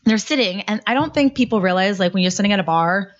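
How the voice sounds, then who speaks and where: A woman in her thirties tells a story as a guest on a podcast, candid and quick to swear, her speech loose and full of likes. Her voice sits at a middling pitch. The audio is dull and lo-fi. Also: animated. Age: 30s. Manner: candid, swears freely, many likes and fillers. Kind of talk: casual storytelling.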